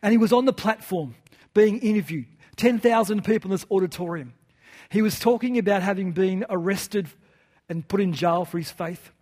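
High-pitched guy preaching at church, earnest, lots of questions thrown at the congregation. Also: moderate pace, warm tone. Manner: earnest, with rhetorical questions and repeated phrases. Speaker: pastor. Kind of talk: sermon.

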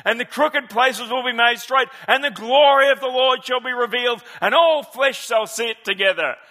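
A male preacher putting on a Southern American accent to voice a famous civil rights orator, with a rolling, declamatory cadence that slows on key phrases. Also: high voice, sharp tone. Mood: soaring, impassioned. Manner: slow, swelling rhetorical build with stretched key phrases.

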